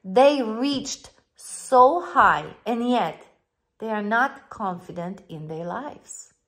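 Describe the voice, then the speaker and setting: Woman, life coach, english not her first language, high voice, unhurried delivery, earnest and emphatic pep talk. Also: animated, a bit bright. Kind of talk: motivational monologue to camera.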